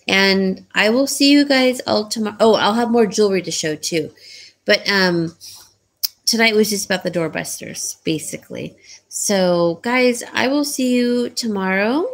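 A tired woman chatting slowly on a home live stream, selling jewelry and yawning between deals. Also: mid-range voice. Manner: slow, sleepy, chatty, laughs often. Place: home, by a small decorated tree.

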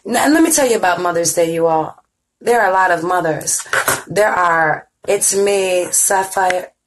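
Speaking at a moderate pace in a fairly low pitch, a middle-aged woman chats casually on her online show over a noisy background. She welcomes viewers by name and laughs a lot in this relaxed live-stream talk.

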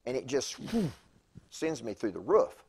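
A man's voice: mid-range voice, very animated, measured pace, vocal fry, a little mellow, a little hiss or hum. A man in his fifties giving a conversational sermon as a guest preacher in a church, chatty and digressive, with stammered restarts. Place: church sanctuary.

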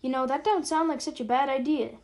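A man's voice: extremely high pitch, fairly quick, vocal fry. A woman voicing a drunken, boisterous male army pilot in an audiobook reading. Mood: lazy.

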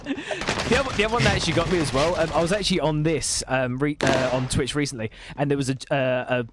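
A man's voice: on the high side, animated, quick pace. A man hosting a casual interview while gaming, rambling and restarting his sentences as he laughs along. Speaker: host. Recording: noisy with game gunfire behind.

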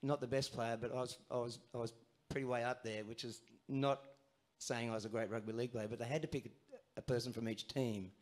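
A man's voice: medium pitch, fairly even intonation, fairly quick, hardly any pauses. A man in his sixties with an Australian accent, a singer telling a chatty, self-mocking story between songs at a live gig. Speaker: singer and bandleader. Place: small live music venue in a barn. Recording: live stage recording with band. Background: guitar and band music.

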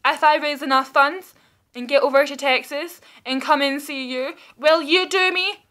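A woman in her thirties who talks in a rambling, excitable, self-mocking way, recording a casual video message while sitting at home. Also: sits high, a little slow. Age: 30s. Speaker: vlogger. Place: indoors at home, seated.

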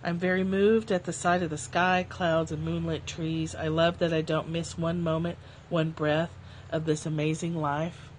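A woman hosting a livestream, reading spiritual passages aloud in a calm, slow way and breaking off into casual, joking asides. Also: deep voice, slight background noise.

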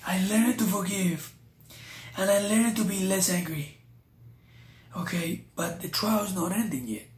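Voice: mid-range voice, unhurried, pauses often. Roomy-sounding preacher giving testimony. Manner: keeps addressing viewers as "you guys". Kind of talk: personal testimony to viewers. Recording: roomy echo.

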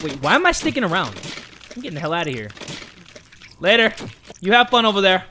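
A young man commentating a horror game, excitable and jokey, dropping to a hush and then shouting. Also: very high-pitched, normal speed, pauses often, background noise. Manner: excitable, jokey, swings between hushed and shouting. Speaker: gaming commentator.

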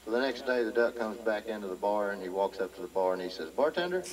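A man with a Texan accent telling a joke in a slow, steady way at a family gathering, recorded on a home video from far off in a crowded room. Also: on the low side, in a large hall, slight background noise.

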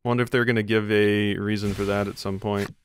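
A man's voice: lowish voice, flat delivery, fairly quick, slight background noise. Musing man commentating a game. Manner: musing, reads game text aloud. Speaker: let's play host. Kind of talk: casual gameplay commentary. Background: game music.

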